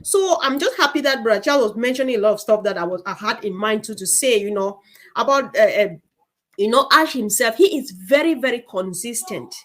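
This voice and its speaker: A woman's voice: on the high side, animated, fairly quick, fairly bright tone. A woman from West Africa speaking with enthusiasm and emphasis as co-host of an online panel discussion.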